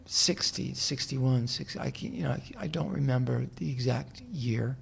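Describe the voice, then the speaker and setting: A man talking as a guest in a casual interview in a hotel room, telling a long story in a soft-spoken, meandering way with frequent restarts. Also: medium pitch, normal speed, vocal fry, a little hiss or hum. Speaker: musician guest.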